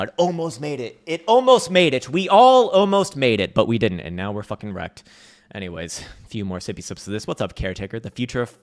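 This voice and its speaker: Low-voiced man riffing on a livestream. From United States. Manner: profane, joking, laughs often. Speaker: host. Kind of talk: casual livestream market commentary, reading chat. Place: at home.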